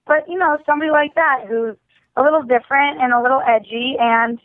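A woman with a fairly high voice calls in over a thin, phone-like line to talk through a TV drama. She thinks aloud and hesitates, and the recording is dry and narrow. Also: steady tone, brisk, no room sound. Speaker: podcast co-host. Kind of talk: casual TV recap chat.

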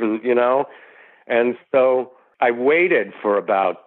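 A male actor guest telling a long anecdote in an animated way, acting out the voices of people he quotes. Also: lowish voice, takes it slowly. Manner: animated storyteller who acts out quoted voices. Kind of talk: storytelling interview anecdote. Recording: tinny phone-like line.

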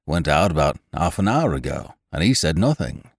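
A man voicing a polite, calm male lift attendant who talks in a plain, deferential way. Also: extremely low pitch, moderate pace, breathy edge, dry recording, clean studio sound, heavily acted.

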